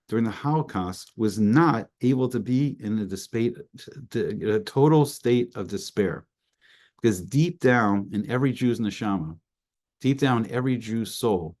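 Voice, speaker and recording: A man's voice: medium pitch, a little mellow. A man giving an earnest Torah class. He reads Hebrew phrases and then translates each one into English, building emphasis through repetition. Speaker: Torah teacher.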